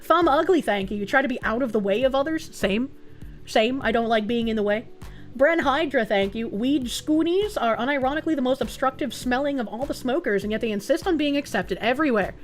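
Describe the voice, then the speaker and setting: A woman from New England with a Boston-area accent, reading chat on her stream, swearing loudly and breaking into shrieking laughs. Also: lively intonation, a little fast, faint music behind. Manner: loud, swearing, bursts into high laughing shrieks.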